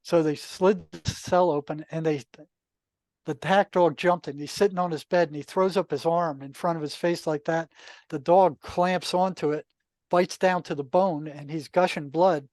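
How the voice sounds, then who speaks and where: An older man, a retired therapist, telling anecdotes in a relaxed, conversational podcast interview, full of asides. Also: on the high side, moderate pace, dry recording. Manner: relaxed, anecdotal, many asides and "you know". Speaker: podcast guest, retired psychotherapist. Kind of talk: casual storytelling.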